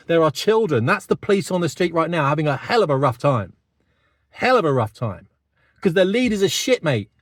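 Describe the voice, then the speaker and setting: In a direct-to-camera monologue, a British man in his fifties speaks bluntly and conversationally, tagging his points with "mate". He has a fairly high pitch, and the studio-quality recording carries no echo.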